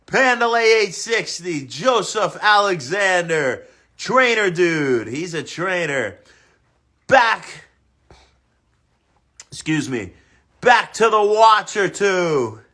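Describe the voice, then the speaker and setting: A young man hosting a casual fitness livestream, explaining warm-ups and giving upbeat shout-outs to viewers. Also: high voice. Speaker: fitness host.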